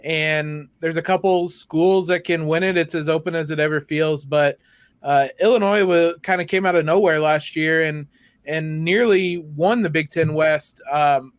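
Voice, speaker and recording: A man guesting on a sports podcast, measured and a little wry. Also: a little high, clear, resonant tone, dry recording. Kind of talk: casual panel chat.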